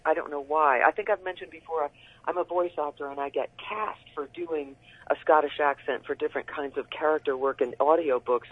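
A guest on a radio talk show, chatting thoughtfully with fillers over a phone line. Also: male voice, on the high side, no room sound. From United States. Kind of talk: casual radio interview.

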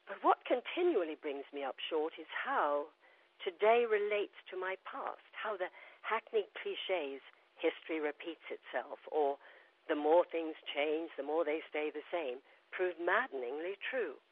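A woman's voice: sits low, animated, measured pace, no room sound. A woman guest correspondent reading her own reflective letter aloud, calling in from home over the telephone. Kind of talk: reading a personal audio letter. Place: at home in upstate New York. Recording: tinny phone line.

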